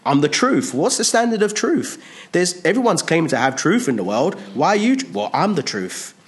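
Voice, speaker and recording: A man's voice: sits high, big pitch swings, moderate pace. A man preaching a sermon in a conversational way, stressing points by repeating phrases.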